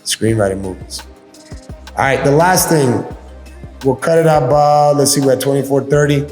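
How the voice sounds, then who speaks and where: Inside his community shop, a podcast host delivers a casual monologue, laid-back and earnest, slipping into Spanish phrases. His voice is medium-pitched, a little mellow and at normal speed, in a roomy recording with faint background music.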